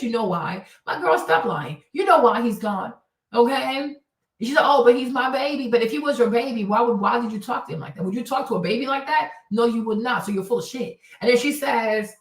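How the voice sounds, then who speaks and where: A woman host talks in a casual monologue, blunt and emphatic, and drives her points home by repeating them. Her voice sits fairly high and she swears freely. The sound is roomy, and she is heard from some distance off the mic. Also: expressive, moderate pace.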